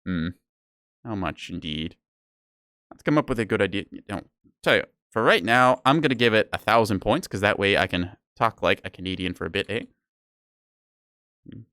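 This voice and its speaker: Male streamer, lower voice, animated and rambling, self-deprecating banter with chat, dry sound. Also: moderate pace, long pauses, clear, resonant tone, no room sound. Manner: rambling, playful and self-mocking, talks to chat. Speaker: game streamer. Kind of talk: casual live gameplay commentary.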